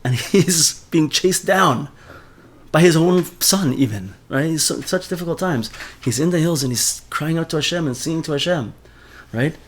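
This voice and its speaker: A man's voice: on the high side, normal speed, slight background noise. Man teaching a Torah class. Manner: animated, mixes Hebrew terms into speech, repeats words often.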